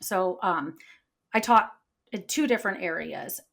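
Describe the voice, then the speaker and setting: A woman's voice: on the low side, unhurried, vocal fry, fairly bright tone. A woman co-hosting a podcast, a former teacher who talks at length and over-explains. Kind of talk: casual podcast chat.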